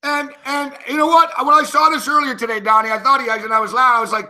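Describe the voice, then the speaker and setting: A man's voice: very high-pitched, steady tone, normal speed, long pauses, bright, forceful tone. A man co-hosting a sports betting show, talking casually and ranting with lots of swearing. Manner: profane, ranting, worked up. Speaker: co-host and sports handicapper.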